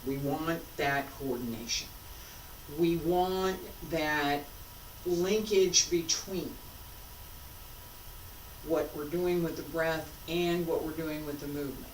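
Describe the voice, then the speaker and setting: A woman teaching a martial arts class, calmly coaching breath and movement and repeating cues. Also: deep voice, takes it slowly, long pauses. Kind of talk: class instruction while practicing. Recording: roomy, from a distance with faint noise.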